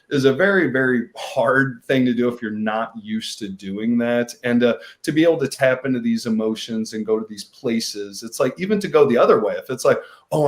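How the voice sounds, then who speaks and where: A man from Missouri, an actor, speaking as a guest on a panel. He talks in halting bursts with frequent restarts. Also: medium pitch. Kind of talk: panel discussion.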